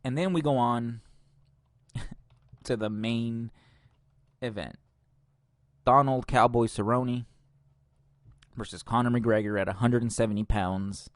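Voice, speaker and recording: A man's voice: medium pitch, fairly even intonation, takes it slowly, long pauses, dry recording. Profane, opinionated male podcast host. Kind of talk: casual podcast commentary.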